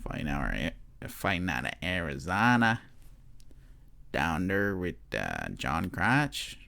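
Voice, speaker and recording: A man's voice: very deep voice, creaky, a bit bright, a little hiss or hum. A man hosting a sports podcast, ranting casually, swearing often, laughing and trailing off mid-sentence. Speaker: podcast host. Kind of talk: casual profane rant.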